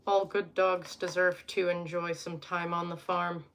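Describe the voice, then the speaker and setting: A woman's voice: fairly low pitch, little pitch movement, a little slow, gravelly, fairly bright tone, slight background noise. A young woman hosting a casual live stream from home, reading tarot cards and chatting with viewers, joking and wandering off into asides.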